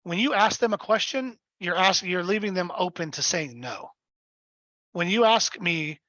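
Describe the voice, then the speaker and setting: High-pitched man running a webinar for sales agents, blunt and emphatic; dull, dry lo-fi call audio. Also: animated, moderate pace, pushed and bright, no echo. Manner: blunt and emphatic, often checks in with "right?". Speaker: real estate sales trainer. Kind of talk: live webinar coaching.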